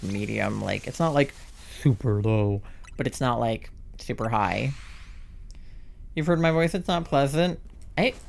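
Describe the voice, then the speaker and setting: A young transmasc streamer in their twenties, chatting casually while gaming, rambling with lots of "like" and self-deprecating asides. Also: male voice, medium pitch.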